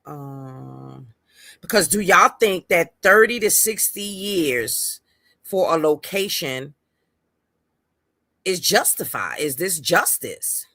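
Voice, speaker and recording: A woman's voice: low-pitched, animated, slow, sharp tone, no room sound. A woman hosting a casual livestream. She greets her viewers by name and stresses her points by repeating words. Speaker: livestream host. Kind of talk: casual live-stream chat.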